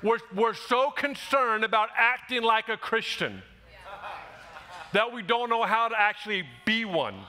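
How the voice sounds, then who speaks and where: A man preaching a sermon in a church, animated and conversational, acting out quick quotes as he goes. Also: sits high. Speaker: pastor. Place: church sanctuary.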